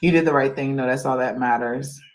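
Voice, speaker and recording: A woman's voice: rumbling low, fairly even intonation, a little fast, poor audio. A woman on a livestream venting her annoyance to viewers and reading chat comments aloud. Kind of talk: casual venting to a live chat.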